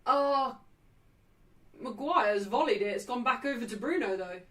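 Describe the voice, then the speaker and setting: Loud, excitable high-voiced woman. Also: measured pace, background noise. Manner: excitable, shouting cheers at big moments; brash and jokey with the live chat. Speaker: livestream host. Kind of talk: football watchalong commentary.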